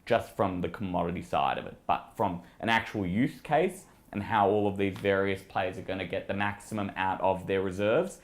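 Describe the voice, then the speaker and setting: A man's voice: sits low, normal speed, few pauses. A man with an Australian accent, a guest strategist talking through markets in a casual, analytical way.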